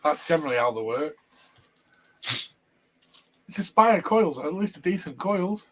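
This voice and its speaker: A man's voice: a little high, expressive, a little slow, a bit bright, rough recording. A man hosting a casual vape review panel over a video call. He chats, runs the votes and keeps the show moving. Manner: chatty, runs the votes and moves things along.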